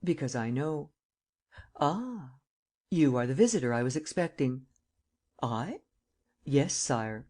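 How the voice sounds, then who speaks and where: A man voicing a confident gentleman thief who answers gravely and with quiet assurance, in an audiobook. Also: mid-range voice, lively intonation, slow, long pauses. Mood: poised. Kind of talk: audiobook character reading.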